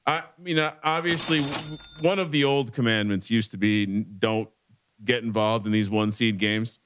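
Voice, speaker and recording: A man's voice: fairly low pitch, normal speed, a bit bright, slight background noise. A man hosting a sports betting podcast, chatting casually and rambling through game picks and point spreads. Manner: rambling, restarts often, reads betting lines. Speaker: podcast host.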